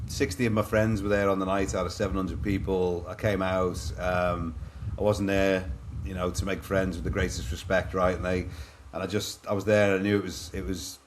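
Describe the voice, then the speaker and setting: A man in his forties from England with a Liverpool accent, telling stories as a podcast guest, animated and full of restarts. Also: low-pitched, normal speed, slight background noise. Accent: Liverpool English. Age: 40s. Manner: animated, restarts often, says mate a lot. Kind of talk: casual storytelling.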